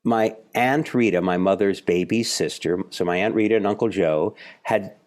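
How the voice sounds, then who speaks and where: A man in his seventies from Philadelphia, a guest actor telling animated stories in an interview. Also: lowish voice, normal speed. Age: 70s. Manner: animated storyteller, acts out the people in his stories. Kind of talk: relaxed interview storytelling.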